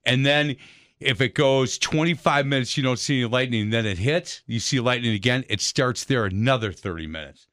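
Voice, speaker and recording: A man's voice: medium pitch, moderate pace, fairly bright tone, no room sound. A man hosting a sports radio show, chatting casually and joking as he tells stories over a studio headset. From Wisconsin.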